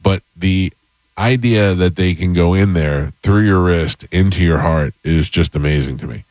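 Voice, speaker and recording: A man's voice: sits low, normal speed, no echo. A man hosting a chat show, telling a long personal story in a casual, rambling way with self-deprecating jokes. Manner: rambling, animated anecdote with self-deprecating humor. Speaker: podcast host.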